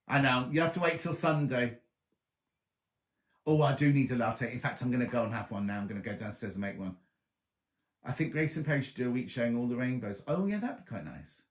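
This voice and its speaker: Streaming live from his bedroom, a man hosts a casual sewing show, rambling chattily and answering viewers by name. His mid-range voice is expressive, brisk and slightly throaty, and the sound is roomy.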